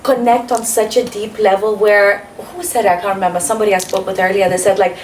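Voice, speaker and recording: A woman's voice: mid-range voice, steady tone, fast talker, reverberant, far from the mic, a little hiss or hum, poor audio. A woman interviewing a guest in an upbeat, encouraging way, laughing often.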